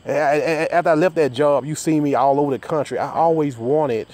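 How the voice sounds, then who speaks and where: A man's voice: fairly high pitch, steady tone, fairly quick, a little mellow. A man ranting casually to his viewers, profane and rambling, often stammering and restarting his sentences. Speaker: vlogger.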